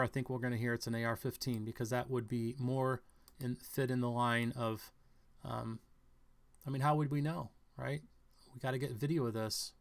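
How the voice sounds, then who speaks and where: Man thinking aloud over the news. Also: mid-range voice. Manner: halting, speculative, many fillers and restarts. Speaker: online news commentator.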